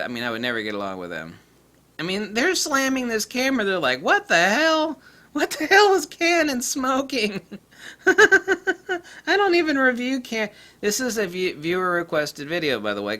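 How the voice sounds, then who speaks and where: Sarcastic, ranting man with a lively voice. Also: a little high. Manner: sarcastic, indignant, laughs often. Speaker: camera reviewer, channel host. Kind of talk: ranting vlog commentary.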